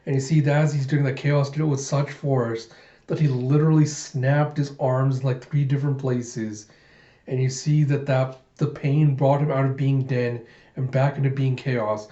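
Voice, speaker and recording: A man's voice: mid-range voice, little pitch movement, moderate pace, warm tone. A man narrating a manga readthrough in a casual, rambling way with many fillers. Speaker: manga reader. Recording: echoey, dull lo-fi room.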